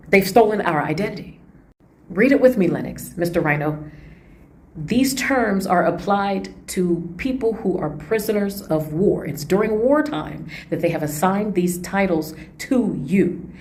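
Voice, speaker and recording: A woman's voice: fairly low pitch, a little mellow. Insistent woman lecturing with rhetorical questions. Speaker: speaker in a played clip. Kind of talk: lecturing over slides.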